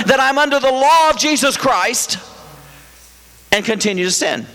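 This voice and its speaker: A male pastor with a strikingly high, bright and forceful voice preaches in a casual, animated way and keeps asking the congregation questions. His voice rings with a long hall reverb from the church sanctuary. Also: moderate pace. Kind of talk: sermon.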